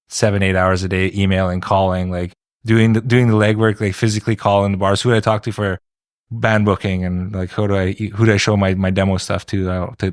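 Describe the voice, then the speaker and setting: A man's voice: low-pitched, no echo, clean studio sound. A man from Quebec, a guest musician in an interview, talking in a rambling way with many restarts. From Quebec, Canada. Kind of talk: casual interview chat.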